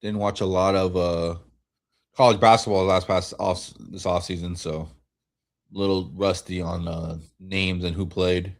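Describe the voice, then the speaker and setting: A man streaming a watch-along, giving relaxed fan play-by-play while tired and yawning, often restarting his sentences. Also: deep voice, a little slow, vocal fry. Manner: relaxed, rambling calls with frequent self-corrections. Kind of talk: casual fan play-by-play commentary.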